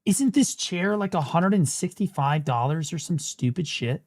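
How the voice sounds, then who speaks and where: A man commentating a game on a livestream in a loose, casual way. He swears freely and mocks another player, breaking into laughter and shouts as the moment unfolds. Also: on the high side, expressive, normal speed. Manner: profane, mocking, laughing. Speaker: streamer.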